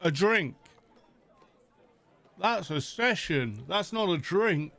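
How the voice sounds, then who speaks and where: A man's voice: sits high, expressive, slow, a bit bright, a faint crowd. A man streaming a video game and dropping wry, laid-back remarks as he plays. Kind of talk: casual game-stream commentary.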